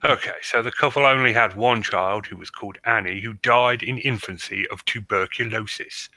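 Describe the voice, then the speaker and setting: Podcast co-host, bright cutting voice, lowish pitch, jokey reader with asides. Dry, close mic. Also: male voice, moderate pace, no room sound, poor audio. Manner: jokey, reads notes with asides. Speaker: podcast co-host reading research. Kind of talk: casual podcast chat.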